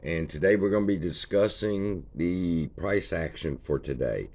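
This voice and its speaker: Man, very deep voice, casual chart walkthrough, folksy. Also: measured pace, darkish tone. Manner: folksy, points at chart features as he talks. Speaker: stock channel host.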